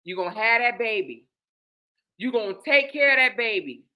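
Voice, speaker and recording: A woman voicing a stern but calm father who gives firm, measured commands. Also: on the high side.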